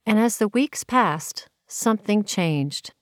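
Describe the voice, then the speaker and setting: A woman's voice: medium pitch, lively intonation, takes it slowly, no room sound, clean studio sound. A woman from Minnesota reading her own personal story of faith aloud in an earnest, reflective way. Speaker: narrator.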